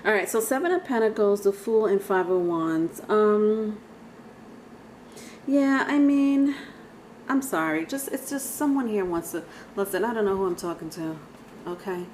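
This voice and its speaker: A woman's voice: medium pitch, expressive, normal speed, a little mellow, slight background noise, rough recording. A woman giving a casual, rambling tarot reading, talking straight to viewers with sighs and laughs. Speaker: tarot reader.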